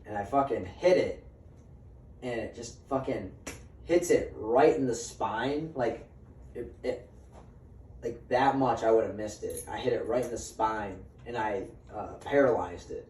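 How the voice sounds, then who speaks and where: A man spinning a casual story for his friends, cursing freely and voicing the lines of the people in it. His voice sits at an ordinary pitch and comes from some distance off the mic. The room gives it a hollow ring over a faint hum of ambience. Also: a little slow, darkish tone, reverberant. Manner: swears freely and acts out quoted dialogue.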